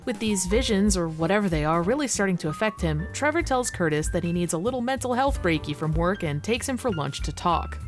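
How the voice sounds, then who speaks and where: A woman's voice: lowish voice, expressive, a little fast, few pauses, faint music behind. Sarcastic young woman narrating a game retrospective. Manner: sarcastic, casual, irreverent. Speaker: video essay host.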